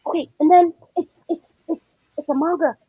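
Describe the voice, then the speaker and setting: Woman host, high voice, dry close sound, excitable, rambling, swears a lot. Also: normal speed, dry recording, muffled recording, soft background music. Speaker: podcast host. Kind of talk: casual chat.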